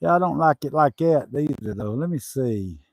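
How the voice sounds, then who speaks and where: A man's voice: a little high, lively intonation, normal speed, gravelly, no echo. A man, chatting casually and teasing his wife while talking to his viewers. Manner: teasing, playful, addresses viewers. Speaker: homesteading vlogger. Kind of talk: casual live chat.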